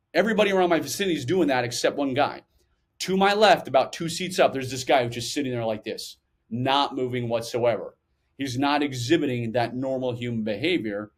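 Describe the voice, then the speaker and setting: Man guest, middle-aged, storytelling, acts out quotes, medium pitch. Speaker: guest, former intelligence officer. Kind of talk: storytelling interview answers.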